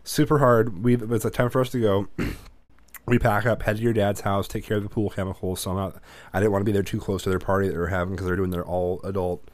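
A man's voice: fairly low pitch, flat delivery, quick pace, dry recording. A young man co-hosting a casual chat, telling rambling, sweary stories. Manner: rambling storytelling, swears freely. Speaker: podcast co-host.

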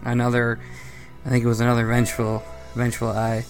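A man's voice: mid-range voice, monotone, fast, gravelly, faint music behind. A young man co-hosting a casual gaming podcast, rambling with fillers and laughing often. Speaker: podcast co-host.

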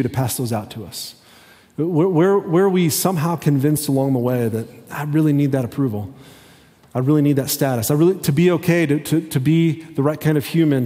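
A man's voice: a little high, dark tone. Man preaching in an echoing hall. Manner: conversational, halting with many restarts. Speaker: pastor. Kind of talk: sermon. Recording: long hall reverb.

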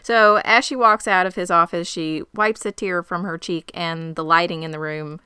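A woman recapping a TV episode in casual conversation, her delivery wry and quick with dry jokes. Her voice is crisp and bright, recorded close and dry with no room sound. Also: fairly low pitch, steady tone, dry recording. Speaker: podcast co-host.

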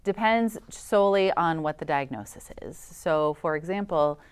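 A woman's voice: deep voice, moderate pace, clean tone. A woman who works as a voice specialist, giving enthusiastic explanations as a guest in an interview.

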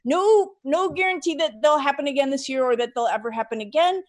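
A woman's voice: high-pitched, fairly quick. A middle-aged woman, a financial advisor, patiently walking through numbers step by step in an interview. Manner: walks through figures step by step, emphatic. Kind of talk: explanatory interview answer.

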